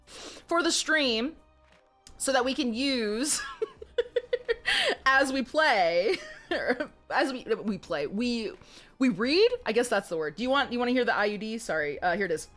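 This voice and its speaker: A woman's voice: fairly high pitch, expressive, unhurried, a bit bright, faint music behind. A woman streamer chatting casually and giggling as she rambles to her viewers. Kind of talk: casual live-stream chat.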